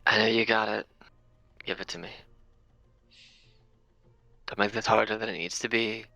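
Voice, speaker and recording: A man playing a tabletop game, blunt and quick to laugh. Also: lowish voice, fairly even intonation, creaky, sharp tone, no room sound, rough recording. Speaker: player. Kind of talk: tabletop role-play.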